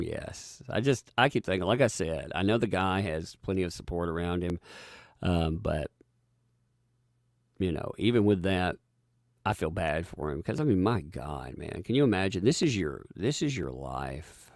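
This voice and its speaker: A man's voice: deep voice, expressive, moderate pace, vocal fry, no echo, clean studio sound. A man hosting a live-stream, chatting sarcastically with frequent laughs and reading out viewer donations.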